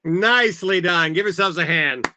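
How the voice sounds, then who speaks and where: A man's voice: sits high, moderate pace, muffled recording, background noise. A man leading a group line dance as event facilitator, upbeat and calling out steps and counts over a video call.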